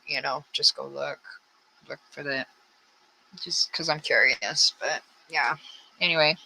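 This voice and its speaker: A woman's voice: deep voice, sharp tone, poor audio. A woman hosting a casual true-crime commentary, rambling with blunt, frustrated asides. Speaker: true crime channel host.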